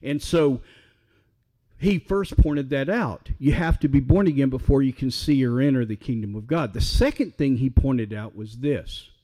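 Mellow-voiced man preaching conversationally. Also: mid-range voice, moderate pace. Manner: conversational, asks the audience questions. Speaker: pastor. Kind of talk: sermon.

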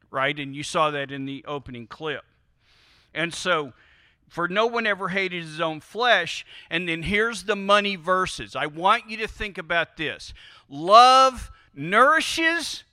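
Male pastor, high and ringing, conversational sermon, drawn-out emphasis, dry close sound. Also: pushed and bright, no room sound. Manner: conversational, prods the congregation with questions.

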